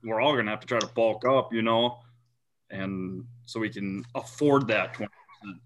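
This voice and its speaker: A man's voice: lowish voice, moderate pace, fairly bright tone, slight background noise. A man on a rowing team explaining a point on a podcast and working through the figures. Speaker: rowing team member, Air Force veteran. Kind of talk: casual podcast chat.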